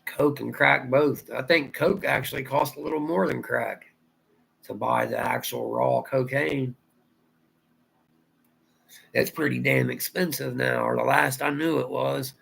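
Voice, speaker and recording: A man's voice: mid-range voice, fairly even intonation, measured pace, creaky, fairly bright tone, slightly rough, low-quality recording. A man from Ohio with a Southern drawl, rambling through a casual livestream chat and answering viewer comments aloud. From Ohio, USA. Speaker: livestream host.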